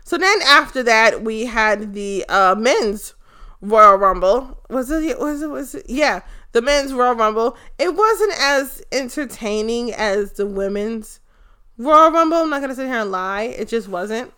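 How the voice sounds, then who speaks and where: A woman giving a casual, excited and profane recap of a wrestling event, rambling with lots of fillers. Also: fairly high pitch, a little slow, clear, resonant tone. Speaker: fan commentator.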